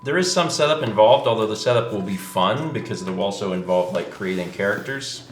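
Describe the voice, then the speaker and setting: A man's voice: fairly low pitch, expressive, fairly quick, roomy sound, slight background noise. A man hosting a stream, chatting casually and reading out game rules in an easygoing, patient way.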